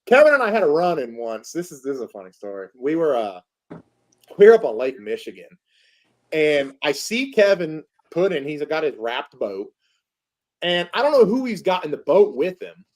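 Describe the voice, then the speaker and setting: A man's voice: on the high side, moderate pace. A man from Tennessee, a podcast guest telling casual stories and laughing often. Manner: animated, laughs often, acts out quoted voices. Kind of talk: casual storytelling.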